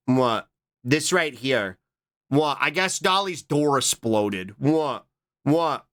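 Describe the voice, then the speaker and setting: A man chatting casually on a live stream, reading and answering his chat with quick, repeated "what?" interjections. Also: on the high side, sharp tone.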